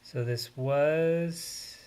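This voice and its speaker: A man hosting a live stream, thinking aloud in an unhurried way with pauses and fillers. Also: fairly high pitch, a little mellow, clear, resonant tone. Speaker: host. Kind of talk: casual live-stream commentary.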